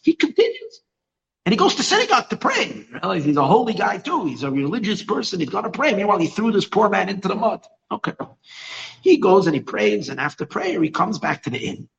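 A male preacher telling a religious story in an animated way, often repeating and restarting his words. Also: sits high, a little fast, gravelly, muffled recording. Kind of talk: storytelling sermon.

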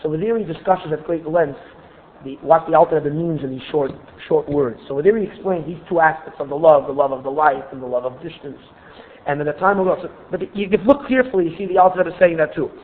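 A man's voice: fairly high pitch, fast talker, slight background noise. Earnest man teaching Torah, tinny recording. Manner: earnest, expressive, repeats words when restarting. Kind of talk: spoken Torah class.

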